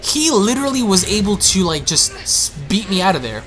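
A young man giving excitable, panicky let's play commentary, repeating himself as he goes. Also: high-pitched, a little fast, soft background music. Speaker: gaming streamer.

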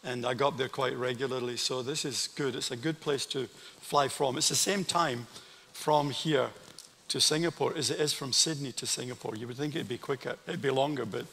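The speaker is an older Scottish man, a guest pastor delivering a sermon in a large church, his voice medium-pitched, gravelly, steady in tone, and brisk. He tells warm stories with asides to the congregation; there is church hall reverb and slight background noise.

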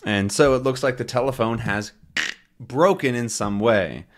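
A man teaching English, slowly explaining a comic to learners in simple, repeated words. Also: medium pitch, a little hiss or hum. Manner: slow, simple, repetitive explanations.

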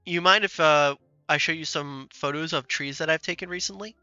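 A man's voice: on the high side, moderate pace, bright, forceful tone, smooth, muffled recording, faint music behind. A man streaming a game and playfully trolling its characters in casual commentary. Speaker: gaming streamer.

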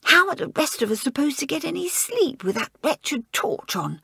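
A woman narrator voicing a spoiled, petulant schoolgirl who whines and complains in loud whispers. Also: sing-song, moderate pace, vocal fry, dry recording, studio quality, heavily acted. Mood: peevish. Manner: whiny, squeaky, loud whispering.

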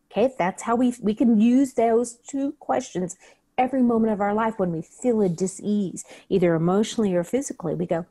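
A woman's voice: medium pitch, brisk, mellow. A woman breathwork teacher talking in an interview, earnest, acting out the questions she asks herself. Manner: earnest, acts out her own inner questions. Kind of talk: conversational interview.

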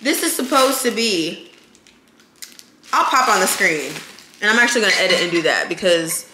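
A young woman with a medium-pitched voice chats casually to camera in her home vlog, addressing viewers as "y'all." There's background noise, room echo, and kitchen clatter.

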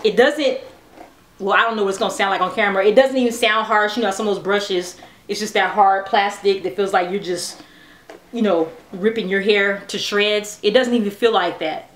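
A woman vlogging at home, chatting excitedly with her viewers while demonstrating a hair brush. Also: mid-range voice, normal speed. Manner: excitable, chatty, addresses viewers as "you guys". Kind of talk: casual product demo chat. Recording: echoey room.

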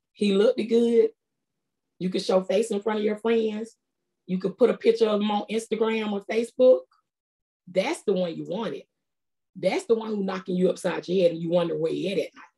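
A woman's voice: mid-range voice, creaky, dark tone. A middle-aged woman, preaching a sermon in an earnest, conversational, colloquial way. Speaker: prophetess preaching.

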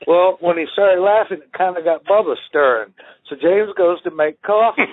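Over tinny, phone-like audio, a man who used to wrestle professionally tells loose, wandering stories in a casual chat and laughs frequently. He has a high voice and speaks at a normal speed.

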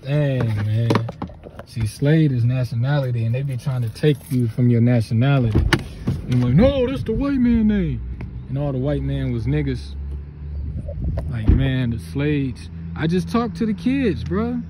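A man, vlogging excitedly and reverently on his family's road, laughing often. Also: mid-range voice, measured pace, noisy background. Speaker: vlogger visiting family land. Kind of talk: emotional casual vlog narration.

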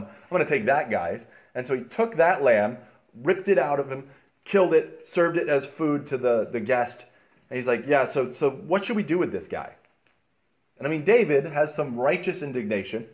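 Guy teaching a bible study, chatty, animated, keeps restarting his sentences. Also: medium pitch. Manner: animated storytelling with many fillers and restarts. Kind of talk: casual Bible lesson.

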